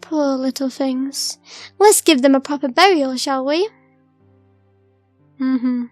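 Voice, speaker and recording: A woman's voice: high-pitched, takes it slowly, dry recording, faint music behind. A woman streamer giving chatty gameplay commentary that swings into heated outbursts. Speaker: let's play streamer.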